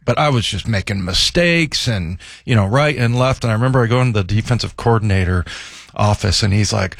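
A man's voice: lowish voice, animated, fairly quick, vocal fry, dry recording, studio quality. A man co-hosting a sports talk show, a former football player who tells stories and acts out the quotes with shifts in his voice.

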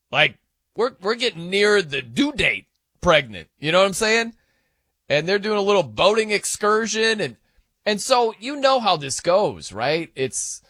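A man's voice: high-pitched, no echo, studio quality. A man hosting a sports talk show in a casual, rambling way, full of fillers and asides. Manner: animated, rambling, lots of fillers and laughs.

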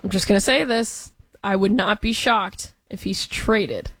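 A young woman co-hosting a sports talk show, giving quick, opinionated takes with easy laughs. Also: mid-range voice, fairly bright tone, breathy edge, no room sound.

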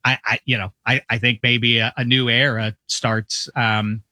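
A man's voice: mid-range voice, little pitch movement, a little slow, pushed and bright, no echo. A middle-aged man from the Midwest, a football analyst chatting casually on sports radio over a video call, rambling with self-mocking asides.

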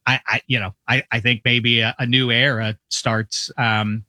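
A bright, lively man from the Midwest talks sports over a video call. His speech rambles and jumps about, full of restarts and comic asides. The sound is dry and close. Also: mid-range voice, a little slow, no echo. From US Midwest, Rust Belt. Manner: rambling, animated, does mock voices. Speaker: football show host, guest.

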